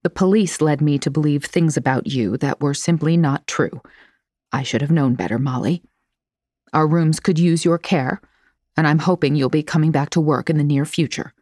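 A woman's voice: low-pitched, normal speed, darkish tone, no echo, clean studio sound. A woman voicing a formal older male manager who speaks carefully and apologetically. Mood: apologetic.

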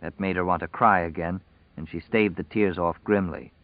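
A man narrating a novel in a steady, measured read. His voice sits low, with a muffled top end and a dead-dry, close sound. No room at all around him. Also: dry recording. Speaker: audiobook narrator. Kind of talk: scripted narration.

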